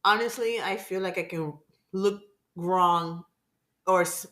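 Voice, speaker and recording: A woman's voice: fairly low pitch, takes it slowly, fairly bright tone. A woman co-hosting a podcast in a candid casual chat, hiccuping and apologizing, laughing at herself. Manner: self-conscious, apologetic, laughing. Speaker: podcast co-host.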